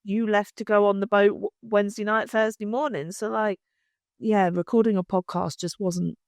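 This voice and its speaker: A woman's voice: medium pitch, steady tone, normal speed, a little mellow, no echo, studio quality. A woman, co-hosting a podcast in casual chat. She answers her friend with short, supportive replies and encouragement. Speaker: podcast co-host.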